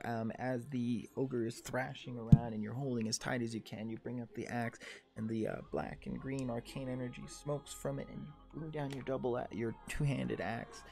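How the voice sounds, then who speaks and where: A man's voice: medium pitch, gravelly, darkish tone. A man in his thirties running a tabletop game as dungeon master, narrating combat vividly and with energy. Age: 30s.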